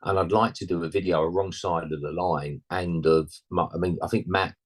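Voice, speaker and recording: Deep rough-voiced bloke in his 60s, rambles on, says you know a lot. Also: steady tone, fairly quick. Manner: rambling, full of "you know", blunt slangy asides. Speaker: musician guest. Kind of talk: casual interview chat.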